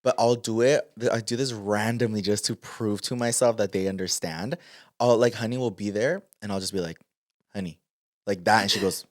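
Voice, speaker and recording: A man's voice: fairly low pitch, moderate pace, dry recording, studio quality. Rambling man co-hosting a podcast. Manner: rambling, searches for words, playful. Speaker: podcast co-host. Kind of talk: casual chat.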